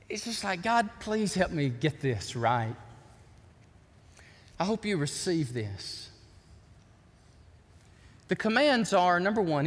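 A middle-aged male pastor preaching an impassioned sermon, swinging from shouts to quiet storytelling. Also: high-pitched. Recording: long hall reverb.

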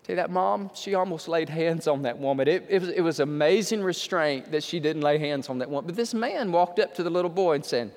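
A man preaching a sermon, telling stories with animated humor. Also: fairly high pitch, fairly quick, few pauses. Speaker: pastor. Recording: reverberant hall.

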